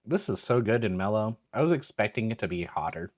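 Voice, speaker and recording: A man's voice: on the low side, lively intonation, fairly quick, darkish tone, no room sound, clean studio sound. A man hosting a podcast, chatting casually and laid-back, saying "dude" often. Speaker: podcast host. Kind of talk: casual chat.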